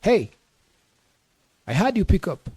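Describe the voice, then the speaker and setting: A man's voice: mid-range voice, lively intonation, measured pace, mellow, no echo. A man reading an audiobook voices an impatient, commanding educated Nigerian man giving orders over the phone. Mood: irritated. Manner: impatient and bossy.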